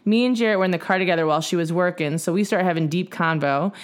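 A woman hosting a podcast, reading a wild story aloud in casual chat, lively and blunt with slang and swearing. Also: on the low side, quick pace. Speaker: podcast host.

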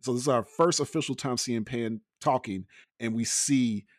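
Man, podcast co-host, middle pitch, dry close sound, relaxed storyteller. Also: moderate pace, dry recording. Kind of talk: casual chat.

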